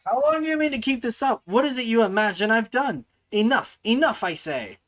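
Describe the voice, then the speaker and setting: Guy doing a sneaky turncoat guard, high and jumpy, nervous then smug. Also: animated, moderate pace, a bit bright, low-quality recording. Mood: bitter. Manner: panicky yelps turning to bitter gloating. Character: treacherous male guard, nervous then sneering.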